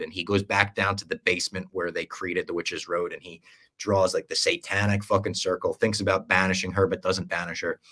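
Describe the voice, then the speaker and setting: A young man on a casual podcast, recapping a series at length and acting out quoted lines along the way. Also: sits low. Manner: animated storyteller, acts out quoted lines. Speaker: podcast co-host.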